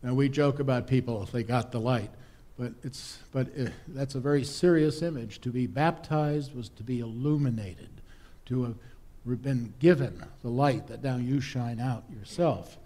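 A male priest giving a sermon in a relaxed, conversational, humorous way, with stories and rhetorical questions. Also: medium pitch, moderate pace. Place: church.

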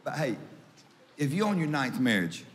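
A man preaching a sermon as pastor, joking with the congregation and rising to shouts at key points. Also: normal speed, slight background noise. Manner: humorous, animated preaching; rises to shouts at high points. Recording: long hall reverb.

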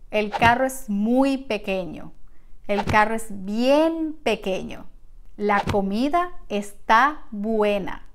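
Slow, careful teacher woman. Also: on the high side. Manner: slow, careful, repeats example sentences. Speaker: Spanish teacher. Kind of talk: language lesson.

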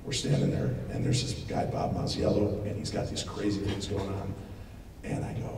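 Man, middle-aged, animated storyteller, joking lecture, roomy echo, heard from afar. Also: low voice, a little fast. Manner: animated, joking, acts out quotes with loud outbursts. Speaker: paranormal TV host giving a lecture. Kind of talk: storytelling talk to a live audience. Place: large expo hall. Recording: echoey hall, distant mic, noisy.

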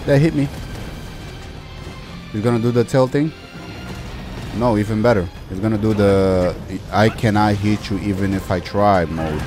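A young man with a somewhat low voice gives loose, running commentary while playing a game. He chats casually and grumbles when things go wrong. Faint game music sits quietly behind him. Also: measured pace, long pauses. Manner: chatty, easily frustrated, swears mildly. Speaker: gaming youtuber.

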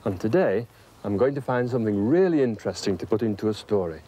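A man presenting a children's TV show, talking gently and chattily as he explains things to children. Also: lowish voice, animated, quick pace, highs cut off.

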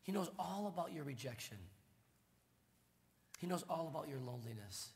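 A male pastor preaching a sermon, moving from loud, fervent proclamation to hushed, tender lines. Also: fairly high pitch, lively intonation, moderate pace. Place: church sanctuary. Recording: long reverb of a church hall.

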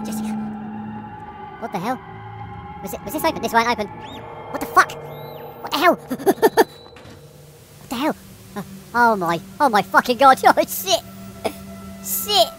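A woman's voice: on the high side, very animated, measured pace, long pauses. A woman giving let's play commentary while playing a horror game, panicky, swearing constantly and laughing nervously, with game music behind her.

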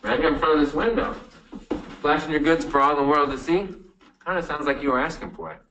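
A man's voice: fairly high pitch, fairly even intonation, fairly quick, pushed and bright, slight background noise. An actor playing a sarcastic, condescending male police officer in a comedy sketch. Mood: mocking. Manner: mocking, condescending. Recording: roomy, distant video playback.

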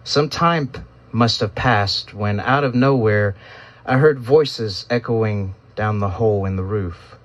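Low-voiced man narrating a solemn story. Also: slow pace. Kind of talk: first-person audiobook narration. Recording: dull lo-fi recording.

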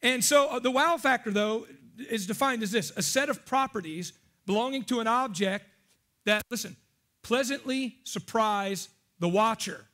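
A male pastor preaching in a relaxed, conversational way, with a very high voice for a man. He jokes and keeps asking the congregation questions. His tone is bright and forceful. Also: moderate pace. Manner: chatty, joking, asks the congregation questions. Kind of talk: casual sermon.

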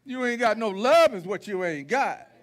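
Male pastor, very high voice, folksy, blunt sermon style with repetition. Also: lively intonation, moderate pace. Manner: folksy, preachy, calls out the congregation with repetition. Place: church sanctuary.

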